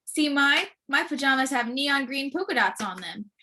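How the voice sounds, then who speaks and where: A woman's voice: sits high, lively intonation, normal speed, bright, forceful tone. A woman voicing an eager little girl asking for attention.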